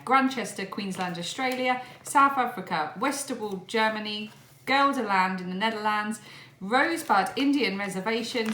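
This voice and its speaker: A woman's voice: on the high side, bright, forceful tone, roomy sound, a little hiss or hum. Chatty woman vlogging from home. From England. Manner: chatty, laughs often, reads a long list. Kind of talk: casual home vlog chat. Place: home room at a table.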